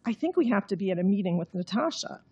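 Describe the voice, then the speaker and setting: A woman's voice: mid-range voice, big pitch swings, fast, warm tone, slightly rough, full character voice. A woman reading aloud and voicing a pale, nervous man who speaks hesitantly. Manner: hesitant and fumbling.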